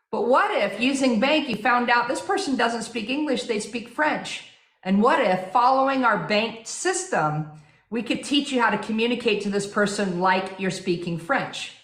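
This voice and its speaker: A woman with a fairly high voice runs a motivational sales seminar, driving her points home with rhetorical questions. Her delivery is energetic and persuasive. The sound rings with a noticeable echo. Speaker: sales trainer.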